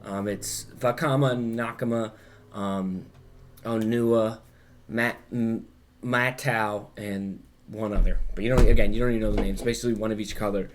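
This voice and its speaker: A man's voice: fairly low pitch, fairly even intonation, normal speed. Rambling guy recapping in casual chat. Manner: rambling, heavy on filler words and swearing. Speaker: podcast host.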